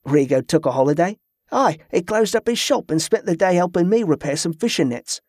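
A jovial, folksy townsman, as a male narrator plays him in a fantasy audiobook. He speaks in a relaxed, homespun way. The sound is dry and close. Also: high voice, a little fast, no room sound. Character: cheerful local man, jovial drinker.

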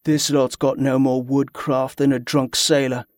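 Flat, dead-voiced killer smuggler voiced by a male narrator, bored and clipped. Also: mid-range voice, measured pace, no room sound, studio quality, natural voice. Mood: cold.

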